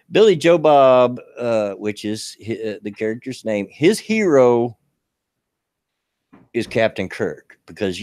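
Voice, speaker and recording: A man's voice: mid-range voice, no echo. A man with a mid-range voice co-hosts a casual live stream from a dry, close mic. He talks in a folksy, rambling way and laughs easily between thoughts. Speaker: co-host of a live stream show.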